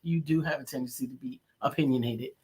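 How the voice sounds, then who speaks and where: A woman's voice: a bass voice, fast talker, a little mellow, husky. A woman, from the Bronx, co-hosting a casual live stream, chatting, laughing and reading viewer comments aloud. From the Bronx, New York. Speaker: co-host.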